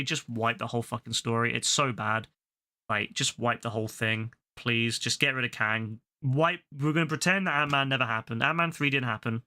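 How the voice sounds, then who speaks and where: A man's voice: medium pitch, sharp tone. A young man streaming a game, ranting heatedly and profanely in casual chat. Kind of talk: casual rant while gaming.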